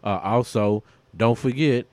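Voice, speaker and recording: A man's voice: medium pitch, a little slow, darkish tone, dry recording. A man, co-hosting a podcast in a loose, laid-back way with plenty of fillers. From Kentucky, US. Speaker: podcast co-host. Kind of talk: casual podcast chat.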